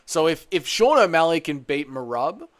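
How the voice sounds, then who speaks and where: An Australian man hosts a casual livestream from home, reading viewer comments aloud and bantering back. His voice sits a little high and swings animatedly up and down. The sound is dry and close, with no room echo. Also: big pitch swings, normal speed. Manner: chatty, reads comments aloud then answers with banter. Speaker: podcast host. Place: home room with balcony window open.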